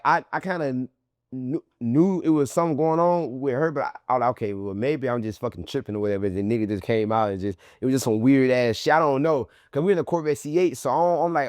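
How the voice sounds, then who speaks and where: A man's voice: mid-range voice, no room sound, clean studio sound. A man being interviewed, telling a long story in loose, profane street slang and acting out what people said. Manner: animated, profane street slang, acts out quotes. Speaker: interview guest. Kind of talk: casual storytelling.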